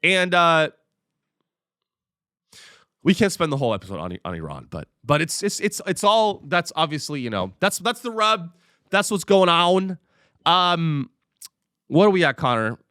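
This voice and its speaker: A man's voice: on the high side, big pitch swings, a little slow, pauses often, sharp tone, clean tone, no echo, clean studio sound. A man hosting a comedy podcast, ranting sarcastically and profanely.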